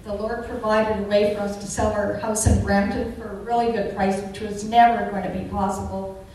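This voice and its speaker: A woman's voice: mid-range voice, level tone, normal speed, dark tone. An older woman giving an earnest, chatty personal faith testimony with fervent emphasis. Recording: echoey room from a distance, faint noise.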